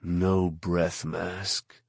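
A man's voice: sits low, flat delivery, very slow, creaky, breathy edge, no echo, heavily acted. A man voicing a blunt male armored bounty hunter who talks in a curt, dry, sardonic way.

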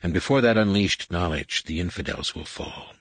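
A man reading an audiobook and voicing a majestic, menacing alien overlord who speaks in a hushed, whispered rumble, slow and commanding. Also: expressive, slightly rough, dry recording. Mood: solemn chanting.

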